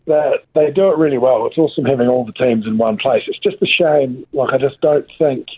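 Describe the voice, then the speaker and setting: A man's voice: mid-range voice, fairly quick, breathy edge. New Zealand man on a phone line. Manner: laid-back, rambling, lots of fillers. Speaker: guest, former rugby player. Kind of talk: casual chat.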